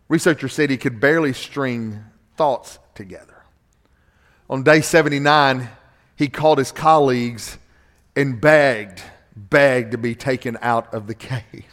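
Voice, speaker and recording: A middle-aged man preaching a sermon from a church stage, emphatic and animated, repeating key phrases for effect. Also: mid-range voice, unhurried. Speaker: pastor. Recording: long hall reverb from a church stage.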